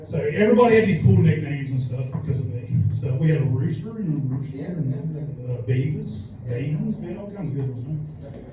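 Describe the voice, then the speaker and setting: A man's voice: a little high, animated, a little fast, muffled recording, crowd noise. A man doing a crude, rambling, self-mocking stand-up comedy set. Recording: distant echoey club recording.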